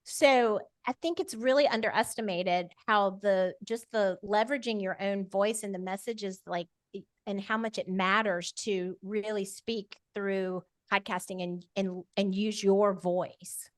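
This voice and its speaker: A middle-aged woman, an interview guest speaking in an energetic, emphatic and persuasive way. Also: mid-range voice, measured pace, few pauses, no echo, clean studio sound. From Georgia, US. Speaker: podcast guest, media consultant. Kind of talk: casual interview chat.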